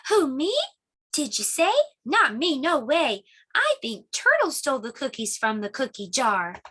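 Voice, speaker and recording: A woman voicing a squirrel in a children's story read-aloud, with a quick, defensive, sing-song manner. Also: high-pitched, very animated, pushed and bright, breathy edge, voice pushed up, exaggerated voice. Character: squirrel denying blame.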